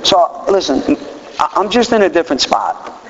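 High-voiced man joking in a reverberant hall. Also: moderate pace, dull audio, slight background noise. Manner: self-mocking, joking, candid. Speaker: speaker sharing a recovery story. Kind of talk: comic storytelling talk to an audience.

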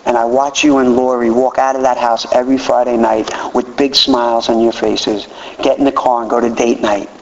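A middle-aged man gives a candid, plainspoken share at a recovery meeting, his voice at an ordinary pitch for a man. The sound is dull and lo-fi, with a long reverb from a big hall and a faint hiss underneath. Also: normal speed, gravelly. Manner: animated, acts out quotes in a raised voice. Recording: roomy hall, dull lo-fi audio.

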